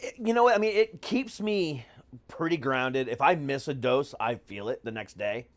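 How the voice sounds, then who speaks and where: Male podcast host, mid-pitched voice, candid and crude, laughs things off. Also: animated, normal speed, slight background noise. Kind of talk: casual podcast chat.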